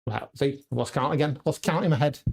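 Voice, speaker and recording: A man's voice: fairly high pitch, brisk, gravelly. A man on a casual live stream, practicing darts and muttering checkout numbers to himself, then chatting with viewers. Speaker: darts vlogger. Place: home darts room.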